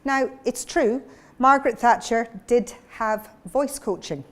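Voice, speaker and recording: A woman communications coach giving a workshop lecture, lively and demonstrative with her audience. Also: fairly high pitch, unhurried.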